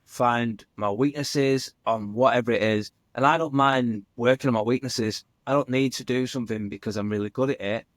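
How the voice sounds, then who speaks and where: A man's voice: mid-range voice, fairly even intonation, moderate pace, hardly any pauses, dry recording. Chatty man, dry close sound. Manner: chatty, many fillers, says "mate" often. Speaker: podcast guest, firefighter. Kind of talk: casual candid chat.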